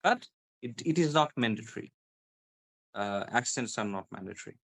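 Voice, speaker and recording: Man slowly demonstrating word stress. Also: medium pitch, expressive, fairly bright tone. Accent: British. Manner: repeats example words slowly to demonstrate stress. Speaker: guest English pronunciation speaker. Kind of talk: explanatory conversation.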